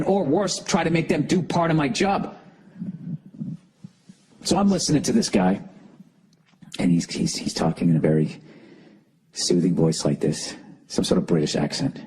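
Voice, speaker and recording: A man's voice: lowish voice, a little mellow, husky. A man hosting a solo comedy podcast, ranting in an exasperated, profane way. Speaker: podcast host.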